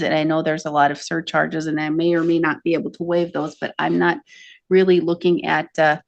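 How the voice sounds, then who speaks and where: A woman's voice: on the low side, gravelly, dull audio. A woman judge presiding over a courtroom hearing, speaking firmly and formally as she administers oaths.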